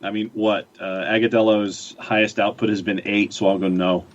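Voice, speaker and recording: A man co-hosting a casual soccer podcast, giving measured, hedged opinions. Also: on the low side, flat delivery. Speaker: podcast co-host. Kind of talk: casual sports chat. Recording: dull lo-fi remote line.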